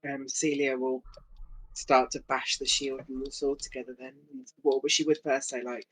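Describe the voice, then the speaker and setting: A man's voice: mid-range voice, level tone, moderate pace, a bit bright, faint music behind, low-quality recording. A man playing a tabletop role-playing game, talking through his character's actions hesitantly, with many fillers. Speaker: player. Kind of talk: casual tabletop game talk.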